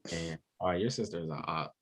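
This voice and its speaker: A young man chatting as a podcast guest musician, laid-back and slangy, telling drawn-out stories. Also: deep voice, fairly bright tone. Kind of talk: casual podcast chat.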